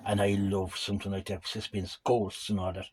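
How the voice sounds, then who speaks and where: Husky older Irish storyteller. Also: male voice, deep voice, little pitch movement, normal speed, a little mellow, rough recording. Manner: rambling, chatty, addresses listeners as lads. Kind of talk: casual folk storytelling.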